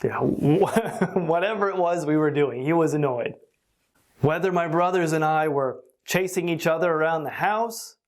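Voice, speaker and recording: An English teacher giving an online lesson, explaining deliberately and laughing now and then. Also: mid-range voice.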